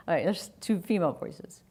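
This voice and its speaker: A middle-aged woman giving a conversational conference talk on a stage microphone, chatty and quick to laugh. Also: lowish voice, darkish tone, breathy edge. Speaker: conference speaker. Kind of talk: conference presentation.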